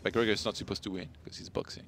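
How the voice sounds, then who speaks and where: A young man from France, speaking English with a French accent, co-commentating and analysing an esports match in a relaxed way with dry jokes. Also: low-pitched, quick pace, slight background noise. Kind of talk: live game analysis, casual banter.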